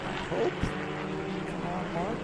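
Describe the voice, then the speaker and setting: A man's voice: high-pitched, slow pace. Brief: male live race commentator, conversational, over noisy track sound. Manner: chatty, reads out viewer greetings. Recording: steady noise in background.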